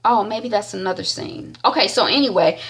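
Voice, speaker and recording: A woman's voice: medium pitch, fairly quick, fairly bright tone. Woman, casual TV recapper, loose and chatty, mid-range voice, circles back to repeat her points. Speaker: TV episode recapper.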